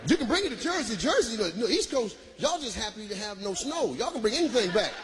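High-voiced comedian shouting at a live crowd. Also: male voice, fast. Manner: loud, animated, bursts of shouting and laughter. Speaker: stand-up comedian. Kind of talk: stand-up routine with crowd work. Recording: live crowd and room noise.

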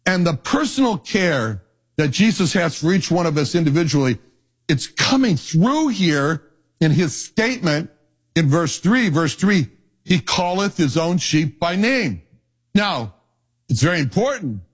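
A middle-aged man, a pastor, preaching a sermon and telling personal stories, dropping his voice low for asides. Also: measured pace, slightly rough. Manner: animated storytelling, drops low for asides.

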